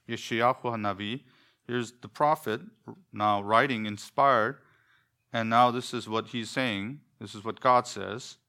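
A man's voice: fairly low pitch, pushed and bright. A man teaching a Bible lesson, explaining words emphatically and repeating himself as he thinks.

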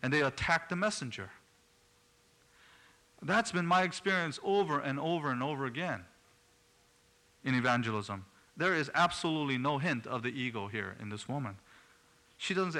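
A man's voice: medium pitch, expressive, moderate pace, long pauses, pushed and bright. A man preaching a sermon in an earnest way, rising to emphatic bursts.

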